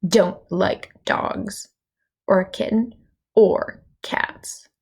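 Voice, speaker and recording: A woman reading a storybook aloud, voicing a spoiled, stubborn little princess who turns shrill and shouts her demands. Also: fairly even intonation, drawn-out words, vocal fry, breathy edge, heavily acted. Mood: sulky. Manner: sulky, then shrill and shouting.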